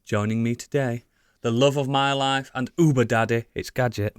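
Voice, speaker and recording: A man's voice: mid-range voice, fairly even intonation, normal speed, clear, resonant tone, dry recording, studio quality. A man hosting a casual podcast chat, teasing his co-hosts as he introduces them. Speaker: podcast host.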